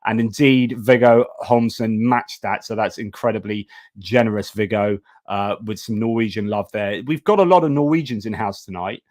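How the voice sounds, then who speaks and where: A man's voice: lowish voice, moderate pace, darkish tone, dry recording, clean studio sound. Chatty man hosting a live stream. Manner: chatty, many restarts and fillers. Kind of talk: casual live stream chat, reading donor thanks.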